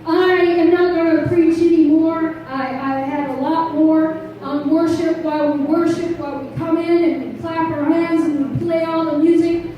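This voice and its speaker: High-voiced woman preaching in an echoey church. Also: normal speed, hardly any pauses, distant mic, muffled recording, a little hiss or hum. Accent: Northeastern US. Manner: animated storytelling, acting out voices. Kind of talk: testimony sermon. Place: church sanctuary.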